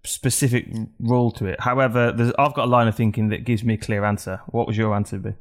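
A man's voice: on the low side, level tone, fast. A man hosting a casual podcast chat, talking bluntly with lots of swearing and rambling asides. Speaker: podcast host.

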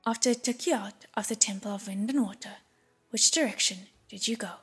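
A breathy-voiced woman voicing a curt young male earth god who speaks flatly and matter-of-factly, in an audiobook. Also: high voice, brisk, soft background music, full character voice. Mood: deadpan.

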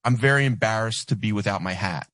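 A man's voice: on the low side, fast talker, fairly bright tone, no echo. A man speaking on a radio talk show, earnest and rambling, self-conscious about himself.

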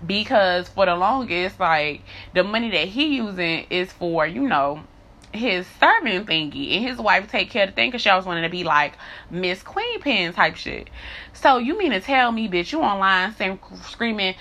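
A woman's voice: medium pitch, expressive, moderate pace, bright, forceful tone. A young woman speaking in a blunt, heated, profane monologue rant to her followers. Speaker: social media creator.

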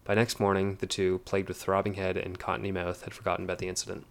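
A man narrating an audiobook in a measured, even way. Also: low-pitched, creaky.

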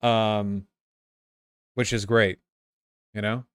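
Low-voiced man reading history with sarcastic asides. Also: flat delivery, smooth, no echo, clean studio sound. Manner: halting, repeats words. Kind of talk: reading history aloud with casual commentary.

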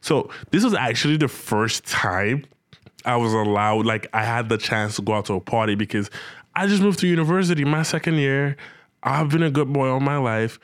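A young man telling a comic personal anecdote in casual slang, animated and acting out his own reactions. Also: medium pitch, normal speed, clear, resonant tone, dry recording. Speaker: storyteller.

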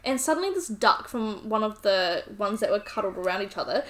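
A woman's voice: mid-range voice, expressive, brisk. A young woman from New Zealand with a New Zealand accent, co-hosting a podcast and reacting with gasps and exclamations. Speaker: podcast co-host. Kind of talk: casual chat.

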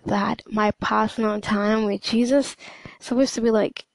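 A woman's voice: medium pitch, fairly even intonation, moderate pace, creaky, no room sound, rough recording. A young woman talking casually in a hesitant monologue, full of fillers and restarts. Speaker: podcast host.

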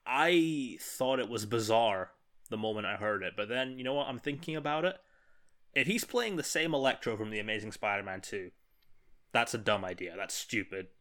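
A man's voice: fairly low pitch, lively intonation, moderate pace, a bit bright. A man with a mid-range voice co-hosts a casual film podcast. He is blunt and opinionated and swears freely as he talks. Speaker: podcast co-host.

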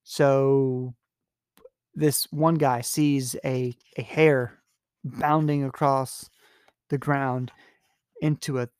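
A man's voice: medium pitch, flat delivery, drawn-out words, long pauses, darkish tone, clean tone, no room sound, studio quality. A young man hosting a podcast, casually recapping a novel in a rambling, amused way with lots of fillers. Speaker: podcast host. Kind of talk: casual book recap with readings.

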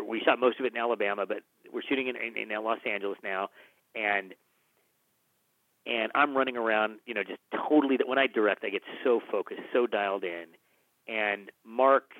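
Animated male storyteller on a phone-like line. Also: fairly low pitch, moderate pace, dry recording. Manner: animated storyteller who acts out quotes, many restarts. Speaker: film director and producer, guest. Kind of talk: conversational storytelling. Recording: dry, phone-like narrow band.

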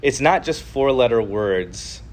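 A man gives an earnest, casual religious talk, stopping and restarting as he thinks aloud. His voice sits at an ordinary middle pitch. A faint hiss runs under the recording. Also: animated. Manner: earnest, halting, many fillers and restarts. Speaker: podcast host teaching on the Ten Commandments.

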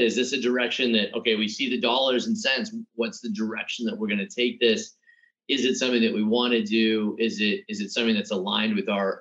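A man's voice: lowish voice, a bit bright, muffled recording. A man who is a guest entrepreneur, talking reflectively in a casual interview with many restarts.

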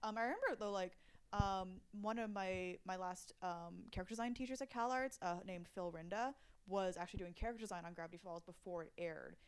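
A woman's voice: medium pitch, brisk, clear, resonant tone. A young adult woman, a storyboard artist, chatting casually in an interview, with many fillers and frequent laughs.

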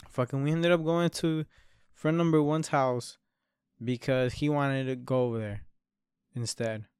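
A man's voice: medium pitch, fairly even intonation, measured pace, darkish tone, clear, resonant tone, no room sound, studio quality. A man in his early twenties telling a long story in rambling casual talk, swearing a lot and calling the listener bro and dude. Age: 20s. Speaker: podcast host.

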